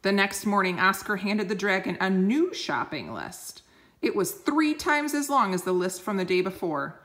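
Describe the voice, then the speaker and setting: A woman reading a picture book aloud slowly and gently, explaining words for children. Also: medium pitch, expressive. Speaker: storyteller.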